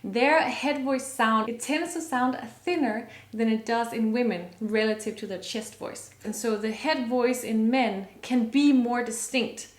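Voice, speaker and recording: A woman's voice: fairly high pitch, reverberant. A woman vocal coach explaining singing technique to her viewers, upbeat and enthusiastic, stopping to sing short examples.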